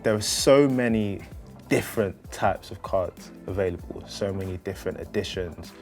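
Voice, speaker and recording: A man hosting an interview, asking questions in a measured, upbeat way. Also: low voice, soft background music. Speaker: interviewer host.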